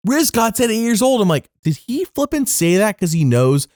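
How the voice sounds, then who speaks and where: A young adult man co-hosting a podcast, talking through an episode in a chatty, rambling way and jumping up in pitch for emphasis. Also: sing-song, moderate pace, a little mellow, no echo, studio quality. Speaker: podcast co-host. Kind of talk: casual recap chat.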